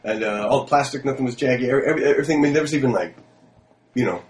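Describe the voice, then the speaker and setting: Fast-talking man telling a rambling story. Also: mid-range voice. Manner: rambling, animated, with many fillers. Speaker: podcast co-host. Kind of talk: casual storytelling chat.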